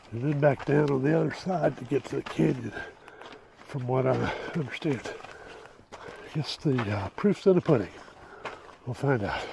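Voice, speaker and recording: Older male hiker, vlog host, slow and breathless, self-deprecating, outdoor camera mic with clear background noise. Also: mid-range voice. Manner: slow, unhurried, self-deprecating, with many pauses and fillers. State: out of breath from hiking. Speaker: hiking vlogger. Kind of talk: casual hiking vlog narration. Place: outdoors on a rocky desert canyon trail. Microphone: handheld or body camera mic while walking.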